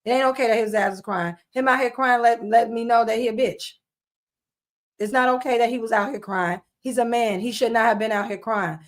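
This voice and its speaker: A woman with a fairly high voice scolds bluntly in casual commentary. She repeats herself for emphasis and talks with flat certainty. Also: a little fast.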